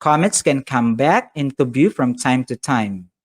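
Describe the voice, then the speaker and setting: A man's voice: medium pitch, animated, measured pace. A man with a Filipino accent teaching an online science class, upbeat and chatty as he reads out viewers' comments and mixes in Tagalog phrases. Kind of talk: live-streamed online lesson.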